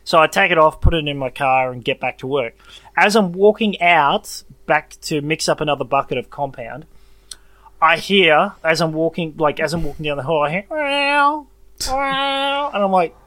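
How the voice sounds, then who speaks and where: Animated young man telling a story. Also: on the high side, moderate pace, no echo. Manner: animated storyteller, acts out voices and meows. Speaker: podcast co-host. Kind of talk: casual chat.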